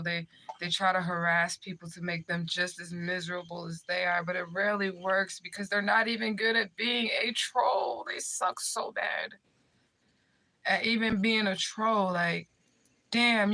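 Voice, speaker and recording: A woman's voice: fairly low pitch, pushed and bright. A woman chatting casually with viewers on a livestream, brash and profane, laughing often as she trash-talks trolls. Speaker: spiritual medium livestreamer.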